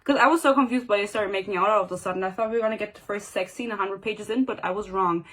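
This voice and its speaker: A woman's voice: mid-range voice, fast talker, fairly bright tone. A young woman giving a casual, sarcastic book rant with dramatic asides. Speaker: book reviewer.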